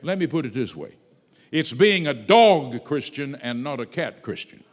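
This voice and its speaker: Preacher, male, lively sing-song sermon delivery, big reverberant church hall. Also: medium pitch. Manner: dramatic swings in loudness, drawn-out emphatic words. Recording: long reverb of a large hall.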